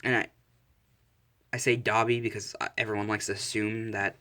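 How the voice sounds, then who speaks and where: A man's voice: on the low side, little pitch movement, moderate pace, pushed and bright. A young man casually narrating a made-up fan story, rambling and correcting himself.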